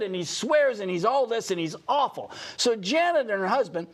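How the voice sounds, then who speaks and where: A man's voice: high voice, very animated. An older man co-hosting a radio talk show, arguing politics in an emphatic, mocking way and often cutting in. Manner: emphatic, mocking, quick to interrupt. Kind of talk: opinionated political banter.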